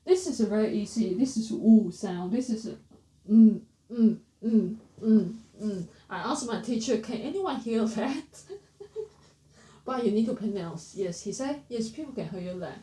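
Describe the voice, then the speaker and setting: A woman teaching pronunciation, repeating words slowly and correcting herself as she goes, in a casual lesson. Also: fairly high pitch, sing-song, warm tone. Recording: roomy, slightly distant mic.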